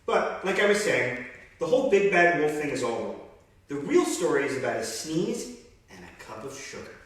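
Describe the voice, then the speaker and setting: Reading as a grown male wolf, a man tells his own side of a children's story in a chatty, self-justifying first-person way. His fairly high voice is very animated and moves at a normal speed. He's far from the mic in a very echoey room.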